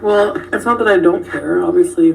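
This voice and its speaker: A woman's voice: on the low side, normal speed, vocal fry, far from the mic, slight background noise, poor audio. A woman hosting a casual livestream, reacting to viewer comments and chatting with a co-host.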